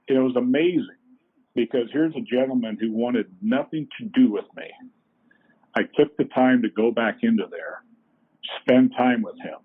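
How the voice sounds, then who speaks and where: A middle-aged man tells folksy, lively stories as a podcast guest. His voice is husky and sits at an ordinary pitch for a man. The sound is thin and boxy, like a phone line. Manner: folksy, animated storyteller. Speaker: company co-founder, guest. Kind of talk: anecdotal storytelling in a podcast interview.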